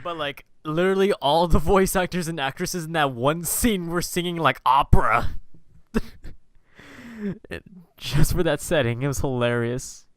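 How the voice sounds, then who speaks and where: Hesitant young-sounding man hosting, smooth and dry. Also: a little high, moderate pace, no room sound. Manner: hesitant, self-correcting, laughs often. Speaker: podcast host. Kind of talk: casual interview chat.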